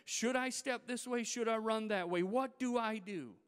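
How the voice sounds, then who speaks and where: A pastor playing a defiant old-time prophet, ringing and clear. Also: male voice, high voice, normal speed, voice pushed up, lightly acted. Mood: urgent. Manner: challenging, rhetorical questions. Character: bold defiant male prophet, stern and mocking. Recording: reverberant church hall.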